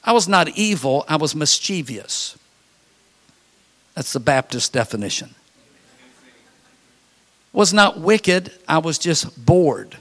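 A man's voice: fairly high pitch, animated, takes it slowly, long pauses, a bit bright, big-room sound. A male preacher telling humorous stories in a confiding, joking way. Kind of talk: storytelling sermon.

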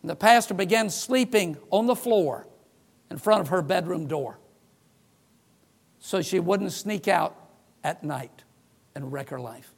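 High-voiced middle-aged male preacher. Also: measured pace, creaky, long pauses. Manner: animated storyteller who acts out quoted voices. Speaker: pastor. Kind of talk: sermon.

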